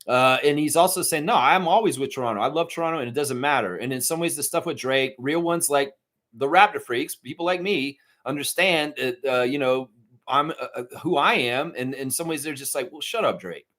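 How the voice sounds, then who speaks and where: A man hosts a live stream, chatting casually, reading and answering viewer comments, and breaking into mocking impressions and shouts. He's animated, with a mid-range voice and a fairly quick pace.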